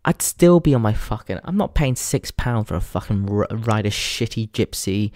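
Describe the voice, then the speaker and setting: Crude rambling English podcaster. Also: male voice, fairly low pitch, lively intonation, normal speed, darkish tone, no echo. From England. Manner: crude, rambling, laughs at his own jokes. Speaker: podcast host. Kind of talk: casual comedic monologue.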